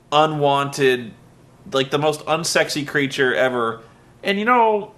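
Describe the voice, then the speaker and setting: Bright-voiced man ranting profanely. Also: medium pitch. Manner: exasperated, mocking, heavy swearing. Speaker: wrestling show reviewer. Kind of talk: profane comedic rant.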